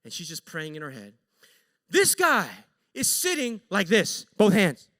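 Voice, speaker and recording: A man preaching a sermon as an animated storyteller who acts out the people in his story. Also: high voice, moderate pace, long reverb tail. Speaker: pastor. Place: church sanctuary.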